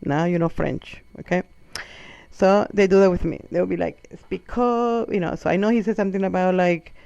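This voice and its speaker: A brisk, creaky voice that sits high belongs to a comedian for whom English is a second language; his comic monologue is animated and profane, with the people in his tales given their own voices. The audio is dull, with no echo.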